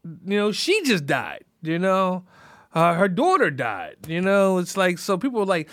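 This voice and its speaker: A man's voice: high voice, sing-song, a little slow, no room sound, studio quality. A man hosting a podcast who rambles through a casual, reflective monologue, often restarting his sentences. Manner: rambling, full of "you know" and restarts. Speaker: podcast host.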